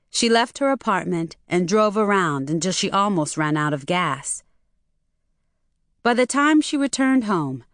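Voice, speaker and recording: A woman narrating a novel at a slow, measured pace. Her voice sits in the middle of a woman's range, and the recording is dry and close with no room sound. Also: on the low side, fairly bright tone, no echo. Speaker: audiobook narrator. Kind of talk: scripted narration.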